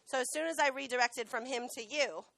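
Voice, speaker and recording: A woman who trains dogs, giving a lively classroom talk and often asking the students questions. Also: high voice, brisk, vocal fry, no echo. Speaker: dog trainer and veterinary technician. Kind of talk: classroom talk with a live dog demo. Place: school classroom.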